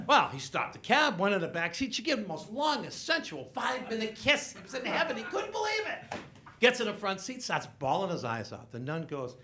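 High, bright older male comedian. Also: slight background noise. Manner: animated storytelling, acts out family members in quick back-and-forth. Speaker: stand-up comedian. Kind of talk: stand-up comedy set. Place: comedy stage.

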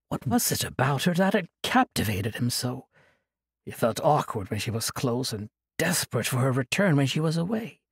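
A male narrator reads a fantasy audiobook with dramatic, expressive storytelling. His voice is very raspy with a gravelly fry, and his pitch moves lively through the lines. The sound is close and dry, with no room around it. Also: dry recording.

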